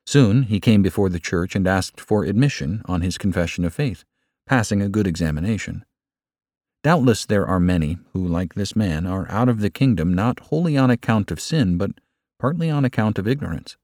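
Low male narrator, earnest and measured, dry close sound. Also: animated, darkish tone, no room sound. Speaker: audiobook narrator. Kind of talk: scripted narration of a religious book.

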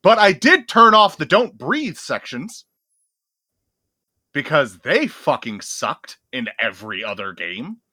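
Casting: man, upbeat and enthusiastic, bright tone, lively pitch. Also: takes it slowly, no echo, studio quality. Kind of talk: casual chat.

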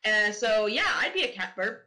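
A woman who does voice acting, chatting as a guest on a podcast and giggling through quick asides. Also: mid-range voice, sing-song, sharp tone, low-quality recording. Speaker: guest voice actor. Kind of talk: casual podcast chat.

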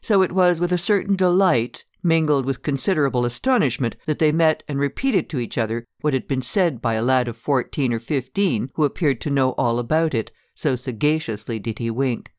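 A man's voice: medium pitch, fairly quick, hardly any pauses, no room sound. Man narrating a classic story, dry sound.

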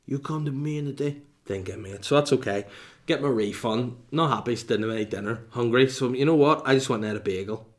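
A man's voice: mid-range voice, quick pace. A man telling a casual, profane, exasperated comic story as a vlogger. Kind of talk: casual ranting anecdote.

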